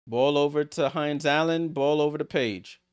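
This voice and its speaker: A man hosting a live watchalong stream, calling basketball play-by-play and reacting excitedly to each play. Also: a little high, normal speed, clear, resonant tone. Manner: excitable, rattles off passes, reacts aloud. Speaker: watchalong host.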